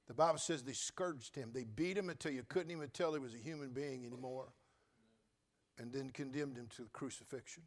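A man's voice: medium pitch, fairly quick. Impassioned preaching pastor, man. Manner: impassioned preaching, swings between quiet and shouted lines; speaks directly to congregation, repeats phrases for emphasis. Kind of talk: sermon.

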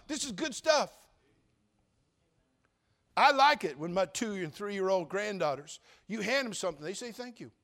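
An older man preaching a sermon, folksy and joking, telling stories and rising into loud preaching at times. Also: high-pitched. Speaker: pastor.

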